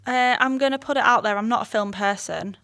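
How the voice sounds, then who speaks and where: A woman's voice: on the high side, fairly quick, fairly bright tone, dry recording. An English woman guest on a podcast, upbeat and chatty, promoting a college show and laughing easily. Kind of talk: casual chat.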